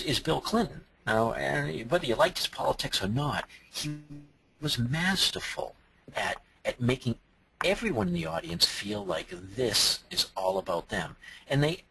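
A man from Massachusetts giving a conference talk as a presentation trainer, animated and strongly inflected. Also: mid-range voice, vocal fry, a little hiss or hum, poor audio.

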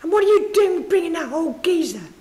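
A woman's voice: extremely high pitch, big pitch swings, brisk, mellow, voice pushed up. Woman doing a harsh, barking military man. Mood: angry shouting. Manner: harsh, swearing, barking orders. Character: tough shouting male military man.

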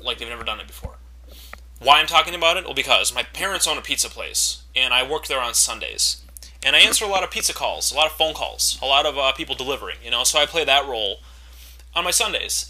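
Bright-voiced young man ranting. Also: a little high, poor audio. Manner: profane, exasperated, building to angry shouting. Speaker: vlogger. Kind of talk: ranting monologue to camera.

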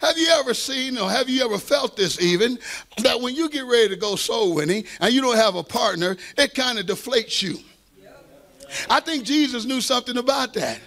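A man's voice: extremely high pitch, animated, normal speed, gravelly, fairly bright tone. A man pastor preaching a sermon with fervent delivery, call-and-response asides and playful self-deprecating humor.

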